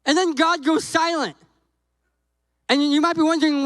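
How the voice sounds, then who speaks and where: A man's voice: extremely high pitch, normal speed, no room sound, low-quality recording. A man preaching a sermon as a guest pastor, joking and acting out conversations with God and Moses. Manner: animated, jokey, acts out dialogue with God and Moses.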